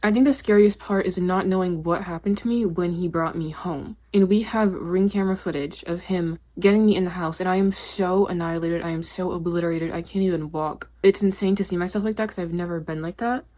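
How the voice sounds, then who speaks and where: A young woman with a slightly low voice tells a personal story straight to camera. She talks in a chatty, confessional way, leaning on "like" and "literally", and her tone turns emphatic and indignant. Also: darkish tone. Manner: chatty, confessional, peppered with 'like' and 'literally'.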